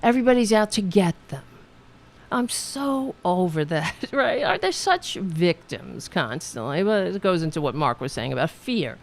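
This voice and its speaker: A woman's voice: on the low side, moderate pace, creaky. A woman hosting a political live stream, chatting casually, reading out supporter messages with frequent laughs and restarts. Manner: chatty, animated, laughs often, trails off and restarts. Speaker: political show host.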